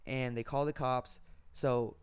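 Dude casually telling wild stories on a podcast, swears a lot, smooth voice. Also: male voice, medium pitch, steady tone, unhurried. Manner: profane, laid-back storytelling. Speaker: podcast host. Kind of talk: casual storytelling chat.

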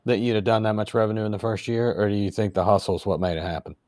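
A man's voice: on the low side, little pitch movement, racing, a little mellow, no echo, clean studio sound. A man hosting an interview, asking long, thoughtful questions. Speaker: host, interviewer. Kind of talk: casual interview.

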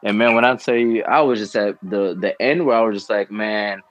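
A man's voice: fairly low pitch, a little fast, muffled recording. A man guesting on a podcast, telling a personal testimony in an earnest, rambling way.

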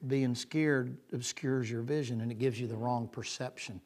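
A man preaching a sermon in a folksy way, swinging from loud passages to hushed whispers. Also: medium pitch, fairly even intonation, normal speed, hardly any pauses. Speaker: pastor.

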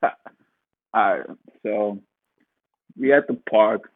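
A man in his twenties in a casual chat, telling stories in a relaxed way and laughing along. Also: lowish voice, takes it slowly, no room sound. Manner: relaxed storytelling with laughter and voiced quotes. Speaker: podcast co-host. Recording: thin phone-like line.

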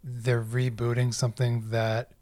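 A woman in her forties, a guest in casual chat, speaking in a hesitant, halting way with dry remarks. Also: rumbling low, flat delivery, dark tone.

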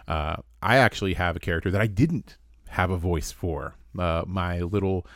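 Animated, self-mocking podcast co-host man. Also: low-pitched, moderate pace, dry recording, studio quality. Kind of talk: casual chat.

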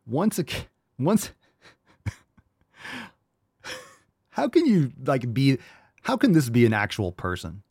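A man rants sarcastically as a podcast host, mocking and swearing, jumping from loud outbursts to low muttering. His pitch swings widely as he talks. The recording is dry and close to the mic. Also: huge pitch swings, slow pace, pauses often, slightly rough, no room sound. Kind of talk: sarcastic commentary reacting to a read-out article.

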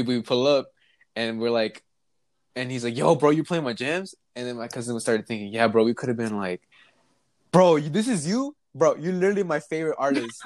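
A young man with a mid-range voice tells a funny story in a casual chat, laughing along and acting out the voices of the people in it. He's animated throughout, and the recording has no room sound.

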